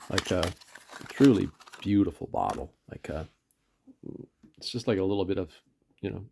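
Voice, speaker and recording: Gravelly-voiced Canadian man, rambling vlog. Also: lowish voice, darkish tone, slight background noise. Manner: rambling, hesitant, many fillers and self-corrections. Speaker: pen and ink reviewer. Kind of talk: casual vlog review.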